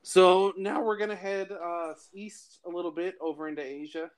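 A man's voice: high voice, steady tone, normal speed, crowd noise. A man co-hosting a casual comedy podcast, reading strange news items and laughing between them. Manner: laughs between lines while reading odd headlines.

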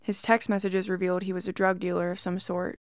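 Woman narrator for scary online stories, smooth clear voice, dry close sound, steady reading. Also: fairly low pitch, no echo. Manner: steady, measured first-person reading. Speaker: story narrator. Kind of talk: scripted narration of reddit horror stories.

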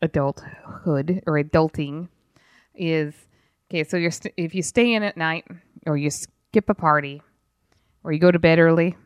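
A woman's voice: low-pitched, moderate pace, clean tone, dry recording, studio quality. A woman co-hosting a podcast, chatting casually and agreeing supportively with her co-host. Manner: supportive, agreeing, brief interjections. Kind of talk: casual chat.

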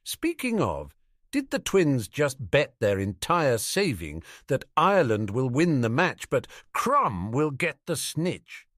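A man's voice: mid-range voice, wildly swooping pitch, slow, fairly bright tone, dry recording, clean studio sound, pitched above the performer's own voice, heavily acted. Brief: reader playing a proper, earnest young man, a bit breathless, storybook reading. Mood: prim. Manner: prim, eager, a little breathless.

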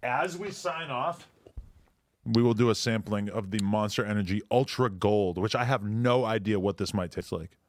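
A man's voice: lowish voice, moderate pace, slight background noise. A man in his twenties co-hosting a podcast, joking crudely and reading a product label aloud in casual banter. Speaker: podcast co-host.

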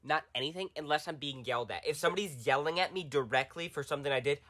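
Bright-voiced young man telling stories. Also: a little high, quick pace, dry recording. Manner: animated, laughs while telling stories. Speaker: podcast co-host. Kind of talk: casual storytelling chat.

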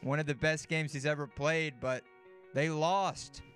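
A man's voice: fairly high pitch, unhurried, soft background music. A man guesting on a sports talk show, chatting casually and telling stories with easy laughs and repeated words. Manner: relaxed, laughs easily, repeats words as he tells a story. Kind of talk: casual sports chat and storytelling.

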